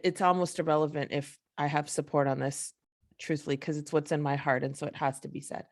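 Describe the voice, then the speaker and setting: A woman hosting a solo podcast, ranting in a frustrated, emphatic, profane way. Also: low-pitched. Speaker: podcast host. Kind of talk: casual solo podcast rant.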